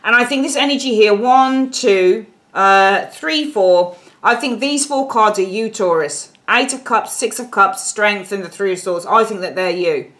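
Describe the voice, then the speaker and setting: A woman reads tarot cards in a casual, blunt way, with animated emphasis and frequent swearing. Her voice sits at a middle pitch. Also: a little slow. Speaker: tarot reader.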